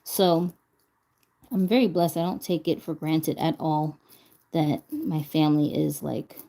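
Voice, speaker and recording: A woman's voice: sits low, steady tone, a little slow, gravelly, warm tone. A woman vlogger chatting casually as she crafts, laughing often and talking to herself while she recovers from a stroke. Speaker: doll vlogger.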